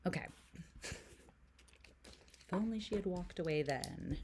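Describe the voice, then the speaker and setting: Low-voiced, unhurried woman tarot reader. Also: animated, dark tone, slight background noise. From Canada. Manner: chatty, giggly, peppered with "like", drops into whispered asides. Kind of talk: casual tarot reading to camera.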